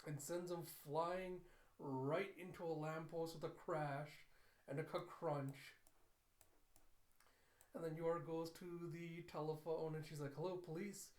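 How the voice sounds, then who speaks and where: Animated man recapping anime, echoey. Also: on the high side, takes it slowly, pauses often. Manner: animated storytelling, laughs at cute moments. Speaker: anime reviewer. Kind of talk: episode recap and reaction. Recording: echoey room.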